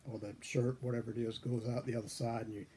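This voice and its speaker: An older man telling a folksy childhood story, husky with a frog in his throat, chuckling often. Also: mid-range voice, flat delivery, quick pace, warm tone. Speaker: pipe-smoking storyteller. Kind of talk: casual storytelling.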